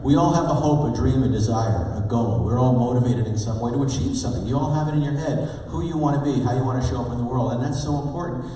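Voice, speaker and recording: A male motivational speaker and stage hypnotist giving an energetic, playful keynote talk, drawing the crowd in with questions. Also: mid-range voice, fast talker, hardly any pauses, a little hiss or hum. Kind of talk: keynote talk to a live audience. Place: large event hall. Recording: echoey hall, voice from far off.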